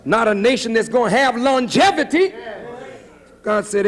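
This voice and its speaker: A middle-aged male minister preaches with a high-pitched voice. His delivery is conversational but dramatic, and he presses each point home with emphasis. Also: animated, moderate pace, pauses often. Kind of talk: preaching a sermon. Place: lecture hall.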